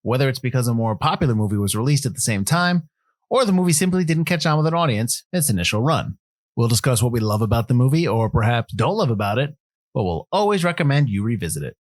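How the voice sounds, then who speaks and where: A man's voice: medium pitch, big pitch swings, fast, dry recording, clean studio sound. A man co-hosting a casual film podcast, joking and laughing as he runs through release dates and box office figures. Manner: jokey, laughs often, reads release facts. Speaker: podcast co-host.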